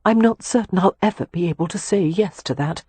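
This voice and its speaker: Male narrator doing guarded young woman, hesitant replies, husky voice, dry close sound. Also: high voice, a little fast, darkish tone, no room sound, voice pushed up. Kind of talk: audiobook character dialogue.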